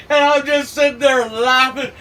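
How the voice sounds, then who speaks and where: A man with a Cape Breton accent telling a funny work story in casual chat, laughing and shouting the quoted lines. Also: very high voice, vocal fry. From Cape Breton, Canada. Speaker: podcast host. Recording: distant mic with faint background noise.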